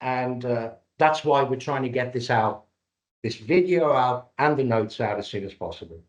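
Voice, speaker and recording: A man's voice: medium pitch, expressive, normal speed. A man from Cyprus and Britain presenting a live webinar over a video call, jokey and salesman-like. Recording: dull lo-fi webinar audio.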